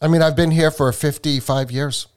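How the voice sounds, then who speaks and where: A man's voice: on the high side, steady tone, moderate pace, darkish tone, clear, resonant tone. A man in his fifties with a New England accent co-hosting a podcast, rambling casually and swearing now and then. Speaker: podcast co-host.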